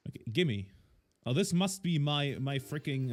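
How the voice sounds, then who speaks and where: A man's voice: fairly high pitch, expressive, a little slow. A man casually commenting on a game as he plays, thinking aloud with lots of fillers. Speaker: game streamer.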